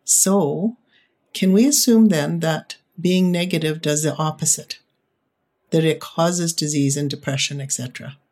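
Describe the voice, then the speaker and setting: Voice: medium pitch, fairly even intonation, unhurried, darkish tone. An upbeat, encouraging podcast host giving parents tips in a monologue.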